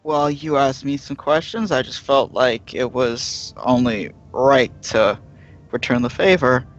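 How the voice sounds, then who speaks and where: A man's voice: mid-range voice, measured pace, highs cut off, soft background music. A man playing his character in a tabletop game, speaking politely and hesitantly. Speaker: player. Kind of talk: in-character tabletop role-play.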